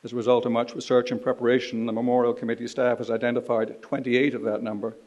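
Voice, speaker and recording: A man in his seventies from Canada, giving a formal ceremonial speech at a podium in a measured, dignified way. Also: medium pitch, level tone, darkish tone, highs cut off. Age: 70s. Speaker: ceremony speaker. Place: university ceremony hall.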